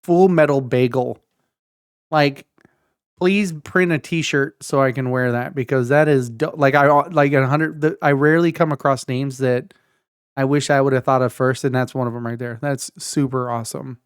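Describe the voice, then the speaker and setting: A man's voice: mid-range voice, steady tone, normal speed, smooth, no echo, studio quality. A young adult man hosting a casual gaming video, talking enthusiastically and rambling with frequent restarts. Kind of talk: casual game preview talk.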